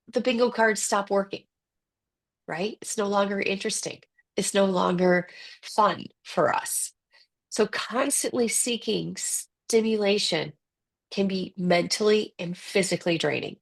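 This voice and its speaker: Lively woman teaching a webinar. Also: mid-range voice. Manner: lively, animated, acts out quoted voices. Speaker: ADHD coach presenting a webinar. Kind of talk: conversational webinar lecture.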